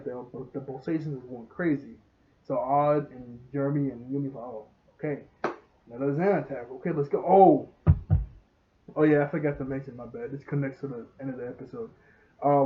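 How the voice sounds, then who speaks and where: A man casually retelling a cartoon episode for a review, rambling and laughing at the scenes. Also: on the high side. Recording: dull lo-fi audio.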